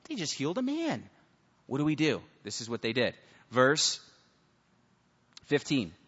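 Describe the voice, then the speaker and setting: A youth pastor preaches to teens with animated storytelling, acting out the people in his stories. His mid-range voice is unhurried with a breathy edge, and the sound is muffled with long hall reverb.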